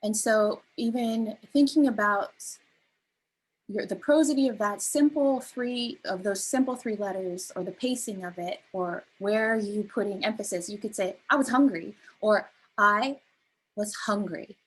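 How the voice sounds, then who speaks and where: A woman leading a beginner spoken word workshop, explaining delivery gently with frequent ums and restarts. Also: medium pitch, measured pace, breathy edge, poor audio. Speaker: workshop facilitator.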